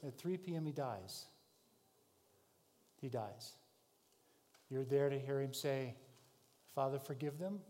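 A man's voice: medium pitch, animated, slow pace, long pauses. Man preaching in a reverberant hall. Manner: vivid second-person storytelling, shifting from shouts to hushed tones. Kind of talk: sermon.

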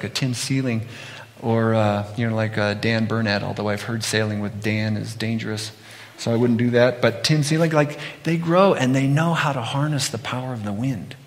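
A middle-aged man giving a conversational sermon, telling animated stories and acting out quotes. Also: mid-range voice. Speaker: pastor. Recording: long hall reverb.

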